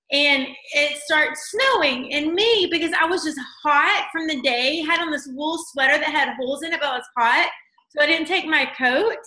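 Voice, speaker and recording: A woman's voice: sits high, pushed and bright, roomy sound, poor audio. A woman with a Southern US accent hosting a team video call, gushing and effusive. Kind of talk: emotional casual chat on a video call.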